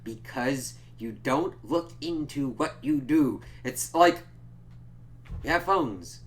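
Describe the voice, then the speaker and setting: A man's voice: medium pitch, lively intonation, slow pace. A young man giving a casual spoiler review of a TV episode, rambling and sarcastic, swearing constantly. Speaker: TV show reviewer.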